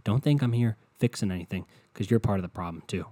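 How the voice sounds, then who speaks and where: A man's voice: lowish voice, expressive, fast, mellow, no echo. A man hosting a solo podcast, ranting in a scatterbrained, profane way from a hot indoor room. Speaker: podcast host.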